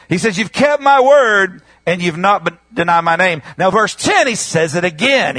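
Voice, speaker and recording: A man preaching a sermon in call-and-response style. He rises to shouts on key words, drags out quoted scripture and stumbles over repeated words. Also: high-pitched, breathy edge, no echo.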